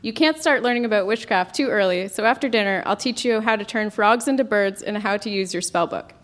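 A woman's voice: medium pitch, brisk, fairly bright tone, natural voice. A woman reading the lines of a cheerful old grandmother witch from a story she wrote as a child. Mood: storytelling. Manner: read aloud from a childhood story.

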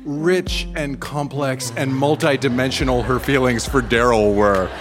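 A man's voice: mid-range voice, steady tone, measured pace. A man hosting a live show on a theatre stage, introducing the next reader with an upbeat emcee delivery. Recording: live theatre with audience and music.

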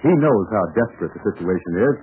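A male narrator tells an adventure serial in dramatic storytelling fashion. His voice is low and expressive. It comes over a thin, hissing old radio line. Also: fast talker. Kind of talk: scripted narration. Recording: tinny old radio broadcast with faint hiss.

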